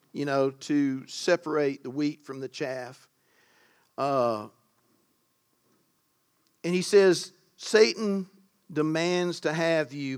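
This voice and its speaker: A man preaching a sermon to a congregation, driving home key words with loud stresses and breaking into casual asides. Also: a little high.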